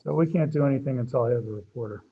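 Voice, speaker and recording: A man serving as judge, running a court hearing over a video call in an unhurried, procedural way. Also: mid-range voice. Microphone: computer mic on a video call. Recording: dull lo-fi video call audio.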